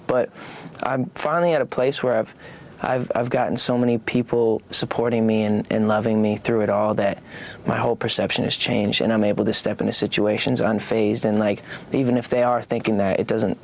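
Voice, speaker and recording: A young man talking in a casual, halting way as an interview guest, full of fillers and restarts. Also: on the low side, gravelly.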